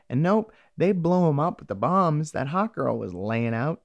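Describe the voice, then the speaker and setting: A man rambles through a profane, offhand episode recap, swearing freely and acting out the characters' lines. His voice is gravelly and somewhat high for a man, with lively pitch that keeps jumping around. The sound is dry and close, with no room around it. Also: moderate pace, no room sound. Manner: rambling, heavy swearing, acts out quotes.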